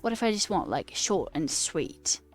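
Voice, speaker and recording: A woman's voice: on the low side, big pitch swings, normal speed, faint music behind. An American woman hosting a casual coding livestream, thinking aloud and hesitating and joking at her own expense. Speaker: livestream host.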